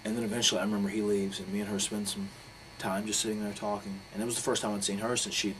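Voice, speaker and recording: A man speaks in a fairly low voice, words tumbling out quickly. He is blunt and profane as he recounts a heated personal story in a candid interview, with faint noise behind him. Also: flat delivery. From North Carolina. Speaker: interviewee, professional wrestler.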